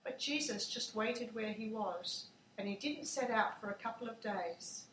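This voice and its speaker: Slow, bright-voiced woman telling a Bible story. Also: a little high, slight background noise. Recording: echoey room, mic far off.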